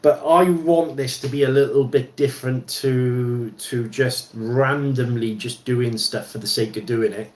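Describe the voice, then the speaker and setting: Here the livestream host talks at a medium pitch in a steady, unhurried way with few pauses, though he still rambles through ums and restarts. He's working on an RC car at his bench, and the audio has a roomy quality.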